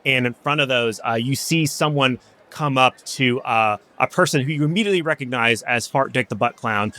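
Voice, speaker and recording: A man's voice: mid-range voice, moderate pace, pushed and bright. A man narrating a tabletop game as game master, loose and rambling.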